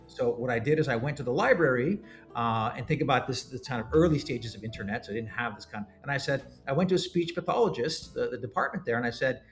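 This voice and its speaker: A middle-aged man from Canada telling his story as a startup founder in an interview, animated and often restarting his words. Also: medium pitch, fast talker, soft background music.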